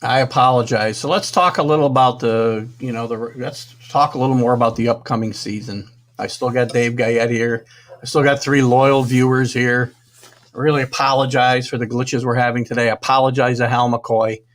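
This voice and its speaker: A man's voice: mid-range voice, fairly even intonation, moderate pace. A man hosting a live sports talk stream, flustered and apologetic, muttering to himself while fighting technical trouble. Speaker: sports talk show host.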